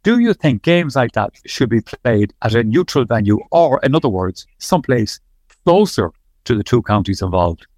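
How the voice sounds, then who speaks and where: A man with an Irish accent hosting a sports podcast, speaking in a measured, conversational way with many fillers. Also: medium pitch, big pitch swings, a little mellow, dry recording. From Ireland. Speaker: podcast host.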